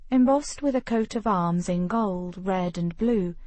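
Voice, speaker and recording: Brief: female audiobook narrator, mid-pitched, expressive, very dry close recording. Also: measured pace, no room sound. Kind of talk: scripted narration.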